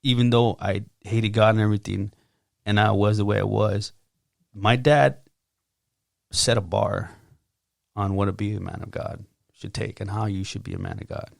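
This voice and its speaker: Gravelly man telling his story. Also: fairly low pitch, normal speed, long pauses, no room sound, clean studio sound. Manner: animated, acts out his own quotes loudly. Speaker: podcast guest. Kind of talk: casual testimony.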